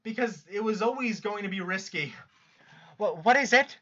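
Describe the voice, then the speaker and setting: A woman voicing an apologetic young woman who stammers and reasons gently, read aloud on a live stream. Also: medium pitch, expressive, normal speed, dull audio, pitched below the performer's own voice. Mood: explaining.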